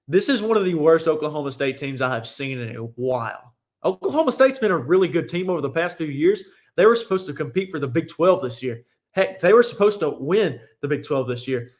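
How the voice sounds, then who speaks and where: A young man hosting a sports talk show, giving casual, opinionated and rambling commentary with frequent restarts. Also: a little high.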